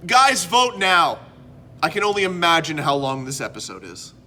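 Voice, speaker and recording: A man's voice: fairly high pitch, very animated, normal speed, pushed and bright, faint music behind. A man from Canada hosting a casual show-and-tell vlog about his collectibles, rambling and interrupting himself as he goes. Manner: rambling, self-interrupting, chatty. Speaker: host.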